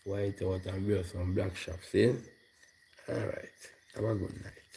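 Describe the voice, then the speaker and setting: Jamaican man, lowish voice, loose rambling vlog talk, faint crickets behind. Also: little pitch movement, a little slow, vocal fry, dark tone, slight background noise. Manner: loose, repetitive, heavy patois fillers. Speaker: vlogger. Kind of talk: rambling casual monologue.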